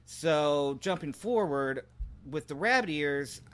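A man's voice: on the high side, expressive, slow pace, a bit bright. A man who is new to voice acting, chatting on a podcast in an easygoing, self-deprecating way. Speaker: podcast guest, new voice actor. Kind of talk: casual chat.

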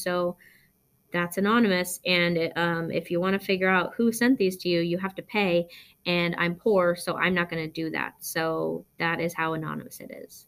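A woman's voice: fairly low pitch, a bit bright. A young woman podcast host from Arizona, chatting casually through listener questions, rambling with lots of ums and likes, blunt and profane. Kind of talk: casual Q&A chat.

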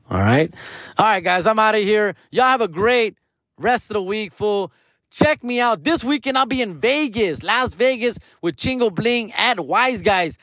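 A man's voice: on the high side, a bit bright, no echo, clean studio sound. A young man telling a story in profane, slangy street talk, dropping Spanish words, as a comedian. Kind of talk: casual storytelling.

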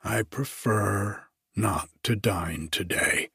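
Withdrawn young clerk, male, quiet and slow, low husky tone, read by a man. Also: dry recording, studio quality, exaggerated voice. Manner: quiet, flat, refusing.

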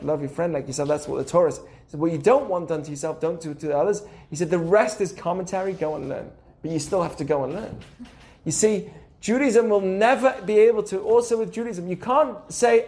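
A young adult man hosting a casual teaching podcast, animated and acting out the voices he quotes. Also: high voice, creaky. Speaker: podcast host.

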